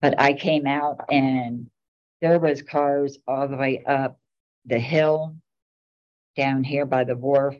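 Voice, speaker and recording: Woman, middle-aged, very deep voice, chatty rambling storyteller, dull lo-fi recording. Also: steady tone, slow, a little mellow. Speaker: town commissioner. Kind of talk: casual storytelling at a meeting.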